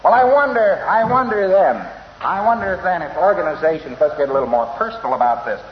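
A man lectures in a wry, storytelling manner, often chuckling at his own asides. His voice sits on the higher side. The old, dull lo-fi tape carries long hall reverb and a faint hiss. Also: fast talker. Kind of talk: informal lecture.

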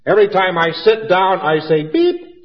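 A man's voice: high voice, very animated, moderate pace. A man voicing a fretful worried fellow. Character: anxious man fretting over his own odd habit. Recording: dull lo-fi recording in a reverberant hall.

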